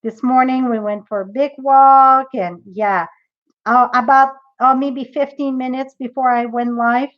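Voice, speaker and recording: A woman's voice: high voice, steady tone, a little slow, highs cut off. A woman demonstrating a craft project in a live tutorial, chatty and thinking aloud as she works.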